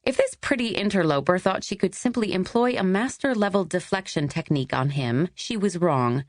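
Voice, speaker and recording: A woman narrating an audiobook in a wry, even storytelling manner. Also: on the low side, normal speed, hardly any pauses, dry recording, studio quality. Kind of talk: scripted narration.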